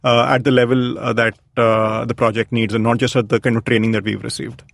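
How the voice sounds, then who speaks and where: A man talks through his ideas slowly and reflectively, pausing on fillers and restarting his sentences. His voice has a gravelly, fry-tinged texture. The recording is dry and close, with no room sound. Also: mid-range voice, little pitch movement, no echo. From India. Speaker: architect, interview guest. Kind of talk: thoughtful conversational interview.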